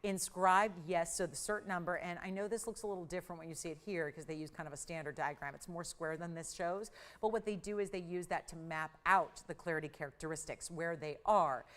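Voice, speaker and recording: A middle-aged woman hosting a live TV jewelry sale, pitching in an upbeat, persuasive and urgent way. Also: brisk, few pauses, a bit bright. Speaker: shopping channel host. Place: TV studio.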